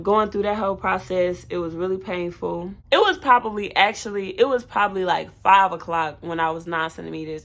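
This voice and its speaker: A young woman with a slightly low voice tells her own birth story to the camera in a casual storytime vlog. She is candid and chatty, with plenty of fillers and self-corrections. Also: gravelly, fairly bright tone. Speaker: new mother telling her birth story.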